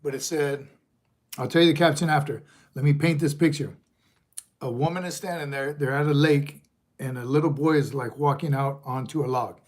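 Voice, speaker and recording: A man's voice: a little high, moderate pace. A middle-aged man, a retired Marine sergeant major, hosting a casual livestream and rambling as he reads viewer comments aloud.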